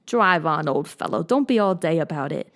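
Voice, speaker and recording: A woman's voice: low-pitched, expressive, moderate pace, voice pushed down. A woman voicing the Griffin, an impatient male creature who scolds in curt, brusque lines. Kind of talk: audiobook character reading.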